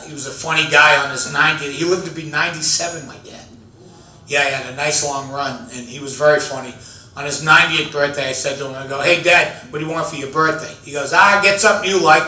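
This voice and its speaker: An older man, an after-dinner speaker telling stand-up style comic stories, building to excited shouted punchlines. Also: fairly high pitch, a little fast. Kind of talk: stand-up storytelling. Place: large event hall with an audience. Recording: echoey hall, mic at a distance, audience laughter.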